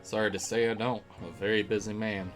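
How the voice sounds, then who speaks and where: A man voicing a gruff, boastful middle-aged police inspector who speaks brusquely with a put-on regional voice. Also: on the low side, little pitch movement, fast, soft background music, lightly acted.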